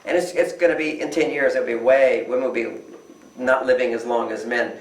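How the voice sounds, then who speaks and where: A man's voice: medium pitch, fairly even intonation, fairly quick. An older man, a relationship author answering interview questions with emphatic delivery who often acts out quoted voices. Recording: echoey room, distant mic.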